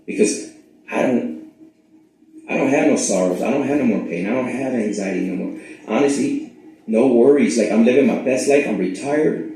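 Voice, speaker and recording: A man hosting his own spiritual channel, rambling in a profane, casual monologue that swings between loud bursts and hushed asides. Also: mid-range voice, lively intonation, normal speed, slight background noise. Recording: very echoey room.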